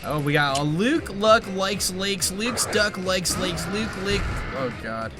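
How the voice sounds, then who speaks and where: A man with a fairly high, animated voice jokes around with friends on a stream. He teases and laughs at their stumbles. Loud music plays underneath him. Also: slow. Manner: joking, laughs at others' slips. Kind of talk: casual group chat on a livestream.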